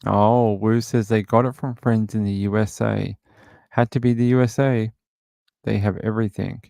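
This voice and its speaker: A man's voice: fairly low pitch, steady tone, moderate pace, creaky, dark tone, dry recording, clean studio sound. A man hosting a livestream, casually chatting and rambling with many filler words as he reads out viewer comments. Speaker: livestream host.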